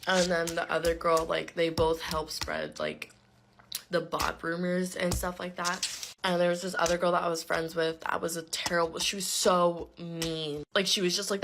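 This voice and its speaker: A young woman with a low voice and a lot of gravelly fry tells a school storytime. She talks in a chatty, blunt way, swearing freely and dropping "like" all the time. A faint hiss sits under her voice. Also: fairly bright tone. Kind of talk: casual storytime.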